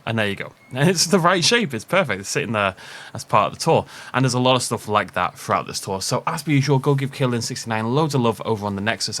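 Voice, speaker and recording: A man giving a casual, upbeat commentary on a video game park tour, chatty and quick to laugh at his own jokes. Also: mid-range voice, a bit bright.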